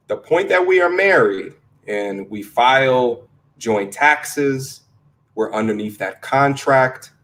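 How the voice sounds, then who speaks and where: A man co-hosting a casual online talk show, arguing his side plainly and swearing now and then. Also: mid-range voice. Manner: loud and fired up when riled, casual with cursing. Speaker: podcast co-host. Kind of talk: casual debate chat on a video call.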